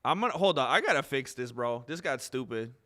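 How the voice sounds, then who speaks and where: A young man hosting a live stream, joking and reacting excitably as he comments on fights. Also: mid-range voice, a little fast. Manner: excitable, joking, laughs often.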